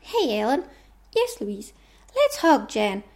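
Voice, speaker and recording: A woman's voice: fairly high pitch, huge pitch swings, takes it slowly, a little mellow, heavily acted. A woman voicing two chatty female toy dolls, putting on an American accent and trading cheery, sing-song lines. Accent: put-on American. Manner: sing-song, exaggerated, cheery back-and-forth.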